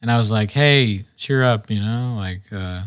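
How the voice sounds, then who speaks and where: On a casual comedy podcast, a young male co-host from Virginia spins rambling comic stories, acting out the people he quotes. His voice is fairly low, clear and resonant, and he talks a little slowly.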